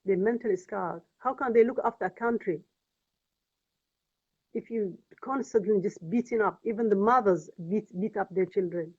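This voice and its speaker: A woman from Somalia with a Somali accent and Somali as her first language, speaking English in an earnest, pleading, halting personal vlog testimony. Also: medium pitch, husky. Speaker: vlogger. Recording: tinny phone-like audio.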